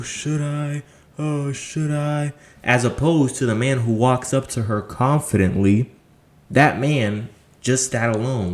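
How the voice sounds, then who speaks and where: Male dating coach, mid-pitched, blunt and profane, preaches in punchy rhetorical bursts to camera. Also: darkish tone. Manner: punchy emphatic delivery. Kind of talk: motivational monologue to camera.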